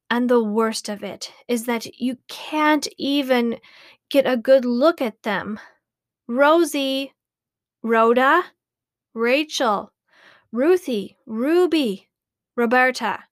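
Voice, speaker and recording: A woman voicing a grumpy, impatient big gorilla in a storybook reading, gruff and irritable. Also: fairly high pitch, no echo, studio quality.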